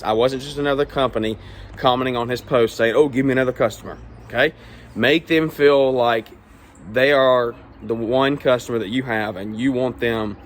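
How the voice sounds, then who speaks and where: A man's voice: medium pitch, slight background noise. Fired-up man giving business advice. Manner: keeps tagging "all right?" and "okay?", gets fired up. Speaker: lawn care business owner. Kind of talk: casual advice vlog.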